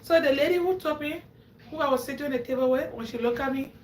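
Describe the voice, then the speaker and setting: High-voiced woman telling stories live. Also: quick pace, a little mellow, reverberant, slight background noise. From Africa. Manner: laughs often, acts out quotes with a rising voice. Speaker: livestream host. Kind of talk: animated storytelling to a live audience.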